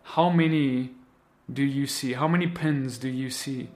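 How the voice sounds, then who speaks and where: A man voicing a calm, solemn Jesus figure who asks slow, measured questions in a vision story. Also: medium pitch, faint music behind, close to an everyday voice.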